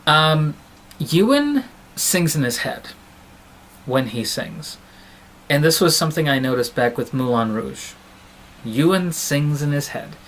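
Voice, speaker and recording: A man's voice: a little high, very animated, a little slow, pauses often, a bit bright, slight background noise, poor audio. A man giving a casual film review on his vlog, talking in a rambling, digressive, chatty way.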